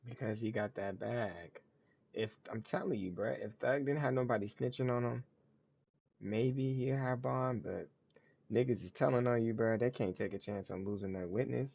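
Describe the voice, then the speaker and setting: A man's voice: medium pitch, gravelly, darkish tone, husky, dull audio. A man hosting a casual livestream, talking to his chat in blunt, slangy, repetitive commentary. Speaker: livestream host.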